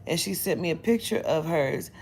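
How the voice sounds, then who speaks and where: A woman reader chatting casually to her viewers, blunt and profane, retelling her day with lively quoted dialogue. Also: low voice, moderate pace, slight background noise. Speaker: spiritual reader. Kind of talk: casual storytelling to camera.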